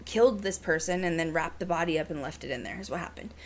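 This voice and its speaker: A woman's voice: sits low, quick pace, slight background noise. Chatty woman podcast host telling a story. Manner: animated storyteller, heavy use of "like" and "you know". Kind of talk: casual chat, storytelling.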